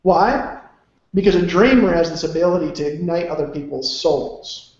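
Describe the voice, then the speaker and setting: Man, motivational talk, rambling and emphatic, fairly high voice, heavy echo, dull lo-fi sound. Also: normal speed, a little mellow. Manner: emphatic, rambling, salty language. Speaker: motivational speaker. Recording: very echoey, dull lo-fi room sound.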